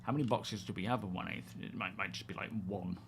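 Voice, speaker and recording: A man's voice: sits low, fast talker, a bit bright, a little hiss or hum. Chatty man hosting a game stream. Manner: chatty, greets viewers, thinks aloud. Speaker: livestream host. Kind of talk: casual gaming livestream chat.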